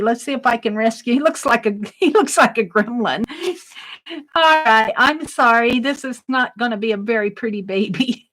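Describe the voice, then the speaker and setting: A woman hosts a casual craft livestream in a slightly high voice, chatting and laughing at her own drawing while she works and sometimes dropping into a soft murmur. The audio is poor.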